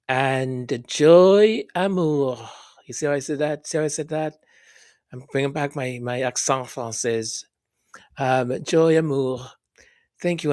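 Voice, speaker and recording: A man hosting a podcast who reads listener comments aloud, speaking softly and haltingly, often whispering his thanks and sounding moved. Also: mid-range voice, no echo, studio quality. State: moved, emotional. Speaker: podcast host. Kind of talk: casual chat reading listener comments.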